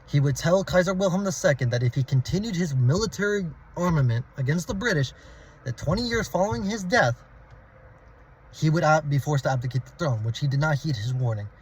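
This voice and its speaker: Husky-voiced man telling history casually. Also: on the high side, animated, brisk, rough recording. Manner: casual and informal, restarts and corrects himself, relishes dramatic moments. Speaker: history channel host.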